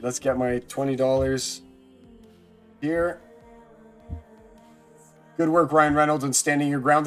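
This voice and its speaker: A man streaming a card game live, chatting casually with his viewers and thinking out loud, with sudden excited outbursts. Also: mid-range voice. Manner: excitable, talks to chat, thinks aloud.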